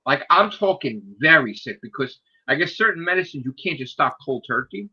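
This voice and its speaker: A man with a bright, husky voice tells his story in loose, animated chat and swears freely. He slips into raised, shouting voices when he quotes people. The recording sounds dull and lo-fi. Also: on the high side, fairly quick. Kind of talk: casual storytelling.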